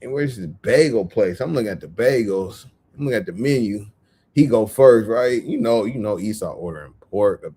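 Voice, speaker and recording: Man, lowish husky voice, casual animated storyteller. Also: normal speed. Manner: animated, laughs often, repeats phrases. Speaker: vlogger.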